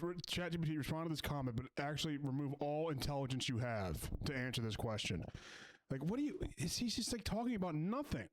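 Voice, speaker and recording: A man's voice: on the high side, very animated, quick pace. Sarcastic man ranting over a clip. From Philadelphia area. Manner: sarcastic, mocking rant. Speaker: reaction video host. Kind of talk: reaction commentary.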